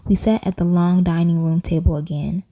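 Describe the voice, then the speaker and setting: Gravelly woman reading a children's book aloud. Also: on the low side, normal speed. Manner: animated, playful voices. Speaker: audiobook reader.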